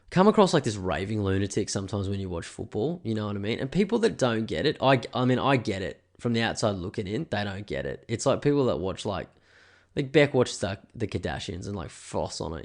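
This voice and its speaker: An Australian man in his thirties talks casually on his own podcast, rambling through stories and swearing freely. His voice sits a bit low. He gets animated as he goes. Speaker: podcast host. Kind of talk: casual solo podcast chat.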